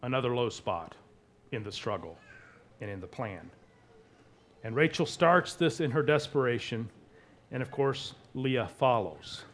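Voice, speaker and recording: Emphatic male preacher. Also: mid-range voice. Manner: emphatic, with wide swings in loudness. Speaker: pastor. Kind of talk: sermon.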